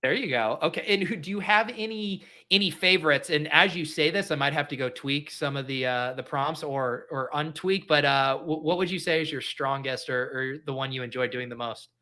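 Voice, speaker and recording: A young adult man from Colorado, hosting a casual podcast interview in a chatty, upbeat way with quick asides. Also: a little high, bright, forceful tone. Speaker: host.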